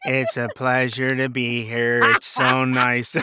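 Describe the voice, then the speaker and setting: A man's voice: mid-range voice, completely flat delivery, takes it slowly, few pauses, sharp tone, clean tone. A man guesting on a podcast interview, playful and joking. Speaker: guest voice actor.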